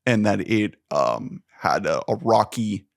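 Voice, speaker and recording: A man's voice: lowish voice, sing-song, measured pace, vocal fry, no room sound, studio quality. A man co-hosting a casual podcast chat, often hesitating with ums and laughing. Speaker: podcast co-host.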